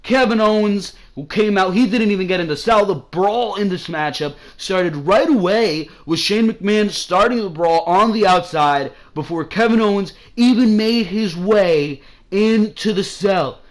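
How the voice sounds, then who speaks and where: A man's voice: sits high, measured pace, rough recording. A man hosting a wrestling review from home, talking casually and sounding exasperated, with frequent swearing. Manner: animated and exasperated, swears freely.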